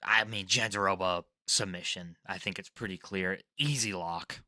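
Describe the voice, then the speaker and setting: A man's voice: low-pitched, normal speed, sharp tone, no echo, clean studio sound. A young man giving casual solo fight predictions, rambling, swearing and laughing at his own slips.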